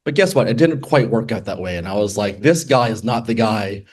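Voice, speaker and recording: A man's voice: lowish voice, animated, a little fast. A man, an attorney, telling a personal faith story to a group in a casual storytelling way, acting out the quoted dialogue and adding many asides. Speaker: attorney sharing a testimony. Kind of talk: personal testimony at a group meeting.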